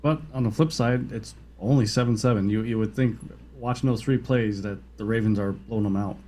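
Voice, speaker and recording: A man's voice: on the low side, fairly quick, dark tone. A man co-commentating in casual chat, chiming in with short agreements. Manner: brief agreeing interjections.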